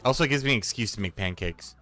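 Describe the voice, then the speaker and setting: A man with a low voice talks casually while he plays, rambling and growing excited as he goes, with a curse thrown in here and there. Faint music plays underneath. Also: rapid-fire. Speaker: streamer and storyteller. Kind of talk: casual chat while playing a game.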